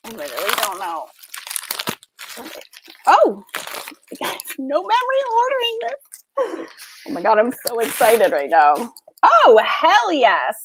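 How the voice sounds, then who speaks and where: A woman's voice: sits high, wildly swooping pitch, slow pace, long pauses, noisy background. A woman hosting a casual livestream, unboxing art books and gushing with gasps and laughs. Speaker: art school host.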